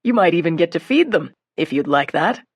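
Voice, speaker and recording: A woman's voice: fairly low pitch, dry recording, natural voice. A woman voicing a kindly older male zoo director. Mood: kindly formal. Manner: measured, pausing, friendly. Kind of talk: audiobook narration.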